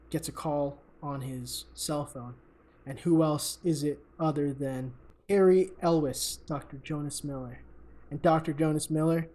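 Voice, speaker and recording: A man's voice: a little high, a little mellow. A young man co-hosting a podcast, retelling a story in a rambling, profane and giggly way. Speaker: podcast co-host. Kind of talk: casual chat.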